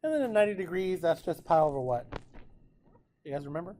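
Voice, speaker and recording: A man teaching a precalculus class in a relaxed, chatty way, often checking in with his students. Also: on the high side, fast, slight background noise. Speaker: math teacher. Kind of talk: classroom lecture recorded with notes.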